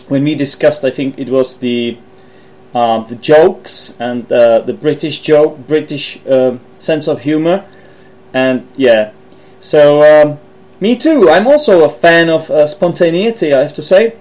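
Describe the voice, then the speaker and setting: A man's voice: a little high, darkish tone. A man hosting an English-learning podcast, explaining vocabulary in a loose, thinking-aloud way, with frequent ums and restarts while partly reading from notes. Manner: hesitant, thinking aloud with many ums and self-corrections. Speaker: English teacher and podcast host.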